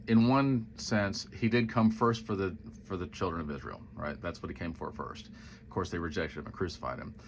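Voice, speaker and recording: A man's voice: sits low, slight background noise. A man casually reflecting on a Bible passage, retelling it in a conversational way with quoted voices and musing asides. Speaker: Christian social media speaker.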